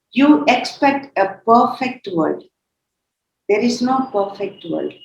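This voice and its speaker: A woman, a religious sister, giving a spiritual retreat talk, emphatic, repeating key words and asking rhetorical questions. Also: fairly high pitch. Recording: echoey, slightly dull recording.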